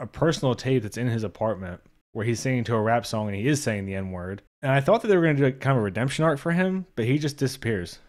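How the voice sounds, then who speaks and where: A young man giving a casual spoken movie review, blunt and profane, openly exasperated. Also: on the low side.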